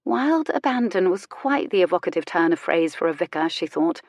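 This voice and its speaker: A woman narrating a historical romance audiobook in a measured, expressive way. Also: lowish voice, no room sound. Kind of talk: scripted narration.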